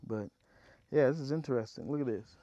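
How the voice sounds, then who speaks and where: A man's voice: mid-range voice, a little fast, warm tone, no room sound, muffled recording. A man vlogging from his off-grid homestead, rambling casually to his viewers and worn out from digging. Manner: rambling, talkative, addresses viewers as y'all. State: tired after digging.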